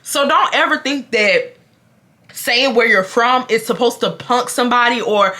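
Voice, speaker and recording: A woman's voice: a little high, unhurried. A woman, telling a dramatic, profane storytime directly to her viewers. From Houston, Texas. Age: 20s. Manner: animated, dramatic, profane, talks straight to viewers. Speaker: storytime vlogger. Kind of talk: casual storytelling.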